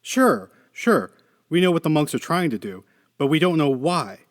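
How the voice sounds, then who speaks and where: A man's voice: fairly high pitch, very animated, normal speed, no echo, clean studio sound, voice pushed up. A man reading the part of an anxious, chatty male computer engineer who talks with urgency. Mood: urgent.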